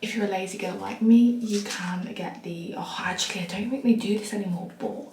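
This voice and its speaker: A woman's voice: medium pitch, brisk, darkish tone. Chatty young woman vlogging. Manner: chatty, rambling, frank asides. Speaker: lifestyle vlogger. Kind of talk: casual vlog chat to camera. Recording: roomy, with clear background noise.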